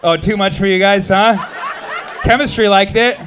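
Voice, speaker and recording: On a comedy club stage, a thirtysomething comic from the US does fast, lively crowd work during his set. His voice sits high, with noise in the background.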